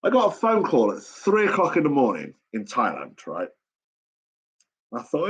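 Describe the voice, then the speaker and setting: A man's voice: mid-range voice, huge pitch swings, moderate pace, husky, lo-fi sound. A middle-aged man hosting a late-night live chat, telling stories in a rambling, blunt way with constant swearing. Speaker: live stream host.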